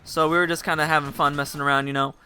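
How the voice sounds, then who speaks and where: A man's voice: a little high, level tone, racing, sharp tone, slight background noise. A young man telling a rambling, casual story to his viewers and laughing at himself. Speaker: vlogger.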